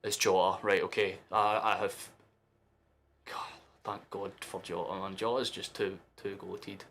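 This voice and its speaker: A young man commentating a football match live for his stream as a fan, sweary and excitable, erupting into shouts. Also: deep voice, a little slow, a little hiss or hum.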